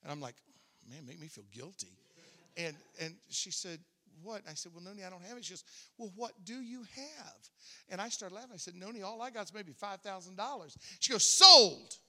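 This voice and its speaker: Male preacher, slightly high voice, conversational storytelling sermon, long church-hall reverb. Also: fast, fairly bright tone. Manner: conversational, repeats words when starting a thought.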